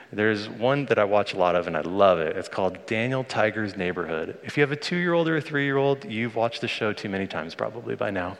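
A man in his thirties gives a sermon in a church sanctuary, talking to the congregation in a warm, conversational way. His voice sits a little low, and a long reverb trails after his words in the large hall. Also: vocal fry. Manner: conversational, earnest, speaks to the congregation directly. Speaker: pastor.

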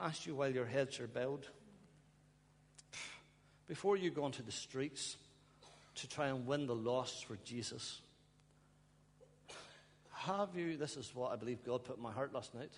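A male pastor preaching and praying, pleading with his congregation, now and then breaking into soft laughter and sighs. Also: mid-range voice. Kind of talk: emotional sermon and prayer. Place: church hall. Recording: long church reverb, faint hum.

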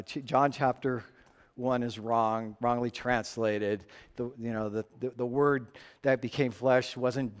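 A man preaching a sermon, telling a personal story with animated rises and drops and frequent restarts. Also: medium pitch, long reverb tail. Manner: animated storytelling, rising and falling, repeated restarts. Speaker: pastor.

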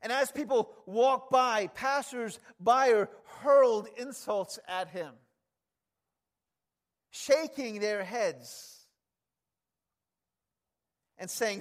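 Guy preaching a sermon, high voice, chatty but intense, gets loud then quiet. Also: very slow, pauses often. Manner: emphatic, conversational, swings from loud to hushed.

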